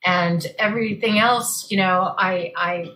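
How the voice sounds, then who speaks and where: A woman's voice: medium pitch, steady tone, measured pace, sharp tone, low-quality recording. A woman author chatting on a video call, talkative and repeating words as she thinks. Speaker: guest author. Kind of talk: casual video-call chat.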